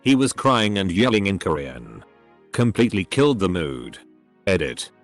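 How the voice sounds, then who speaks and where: A man's voice: deep voice, big pitch swings, moderate pace, soft background music. A text-to-speech male voice narrating online posts in scripted style, spelling out censored words letter by letter.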